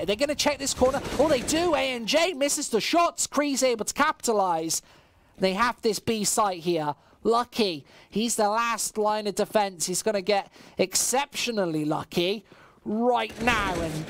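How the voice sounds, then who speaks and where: Excitable West Midlands man casting esports. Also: a little hiss or hum. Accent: West Midlands English. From West Midlands, England. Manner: casual and chatty, surges loud and high on big plays. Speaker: esports commentator. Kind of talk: solo live-stream play-by-play commentary, reading chat.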